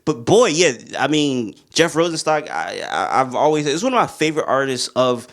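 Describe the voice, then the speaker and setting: A man ranking his favorite albums in a casual vlog, excitable and rambling, full of slang. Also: a little high, normal speed, vocal fry. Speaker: music reviewer.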